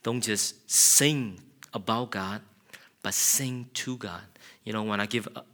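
A middle-aged man preaching a sermon, animated, acting out quotes with a raised voice. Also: fairly low pitch, takes it slowly. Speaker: pastor.

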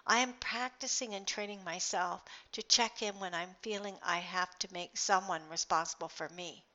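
A woman's voice: lowish voice, steady tone, normal speed, bright, forceful tone. A middle-aged woman sharing personal reflections in a casual, earnest, rambling monologue. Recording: dull lo-fi recording.

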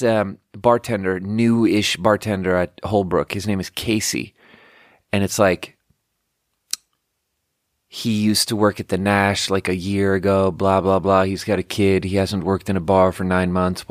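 Young male podcast host; low voice, rambling, self-interrupting, casual swearing; dry recording. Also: no echo.

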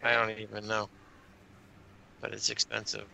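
A man's voice: on the low side, completely flat delivery, normal speed, gravelly, bright, forceful tone. A man co-hosting a movie commentary podcast, trading crude, sarcastic jokes in casual banter. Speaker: podcast co-host.

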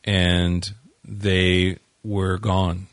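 A man with a very deep voice co-hosting a casual recap podcast. He speaks in a halting, easygoing way, trailing off and picking up his thoughts, and the sound is dry and close to the mic. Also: no room sound. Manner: halting, relaxed, trails off mid-sentence. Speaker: podcast co-host. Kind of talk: casual chat recapping a TV episode.

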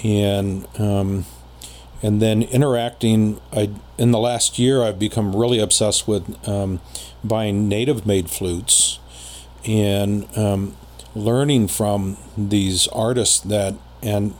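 A man telling a personal story in casual conversation as a podcast guest, rambling with many pauses and fillers. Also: fairly low pitch, steady tone, darkish tone, a little hiss or hum.

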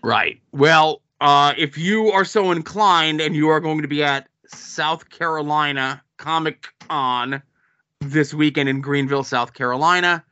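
A man's voice: fairly high pitch, steady tone, a little slow, pushed and bright, highs cut off. A man co-hosting a casual podcast, reading off convention guest lists with dry asides. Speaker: podcast co-host.

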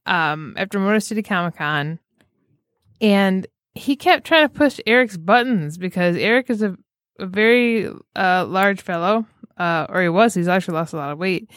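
A woman's voice: medium pitch, normal speed, no echo. Chatty woman, very dry sound. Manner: animated storyteller, quotes people. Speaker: podcast co-host. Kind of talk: casual chat.

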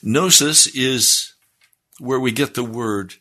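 A man preaching a sermon, explaining scripture in a deliberate, teaching manner. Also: mid-range voice, sharp tone.

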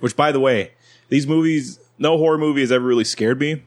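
A man co-hosting a casual movie podcast, animated and laughing as he acts out scenes. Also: mid-range voice, brisk. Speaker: podcast co-host.

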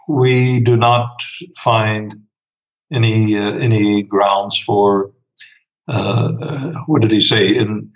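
A man answering interview questions at length, pausing often with fillers and restarts. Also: mid-range voice, lo-fi sound. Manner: hesitant, many fillers and restarts. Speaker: interview guest, author.

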